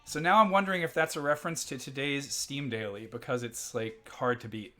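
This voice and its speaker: German guy hosting a gameplay stream, talky and rambly, laughs a lot, mid pitch voice. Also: brisk, fairly bright tone. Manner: chatty, rambling, reads chat aloud and laughs often. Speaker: live-stream host. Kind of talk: casual live-stream gameplay chat.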